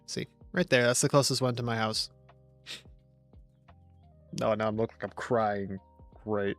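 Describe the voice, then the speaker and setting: Gravelly young man streaming a game. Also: fairly low pitch, steady tone, measured pace, long pauses, faint music behind. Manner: rambling, chatty, jokey, talks to chat. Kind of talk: casual gameplay commentary on a live stream.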